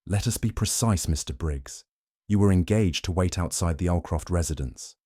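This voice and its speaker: A man voicing Sherlock Holmes, calm and smooth. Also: deep voice, no room sound, clean studio sound. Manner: smooth, measured, almost kind. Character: Sherlock Holmes, calm keen-eyed male detective.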